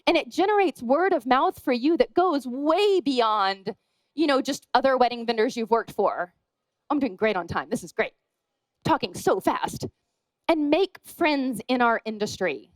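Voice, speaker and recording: A woman wedding photographer giving a lively conference talk, chatty and self-deprecating, acting out the people she quotes. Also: high-pitched, measured pace, dry recording, poor audio.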